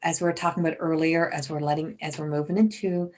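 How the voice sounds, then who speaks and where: A woman's voice: deep voice, little pitch movement, quick pace. Woman giving a rambling psychic reading. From Newfoundland, Canada. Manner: rambling, trailing off and restarting, relaying messages. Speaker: psychic medium. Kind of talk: live-stream reading.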